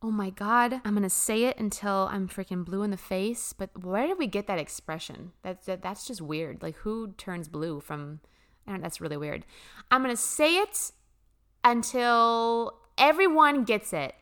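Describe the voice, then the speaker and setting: A woman's voice: mid-range voice, expressive, measured pace, fairly bright tone. A young woman telling a spiritual story in casual chat, gushing and emphatic, swearing casually and often laughing. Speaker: spiritual vlogger.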